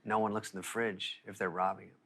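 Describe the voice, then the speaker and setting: A man's voice: fairly low pitch, flat delivery, fast talker, crowd noise. A man casually adding details to a shared story.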